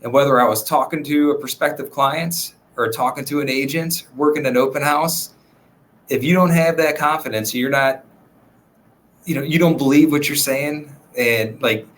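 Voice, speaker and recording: A man who works as a real estate agent, a podcast guest chatting in a relaxed, rambling way with many fillers. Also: on the high side, normal speed, slight background noise. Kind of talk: casual podcast conversation.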